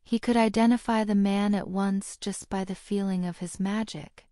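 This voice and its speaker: A woman narrating an audiobook in an even, measured way. Her voice is warm and mellow, and the recording is close and dry. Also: mid-range voice, no room sound. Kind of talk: scripted narration.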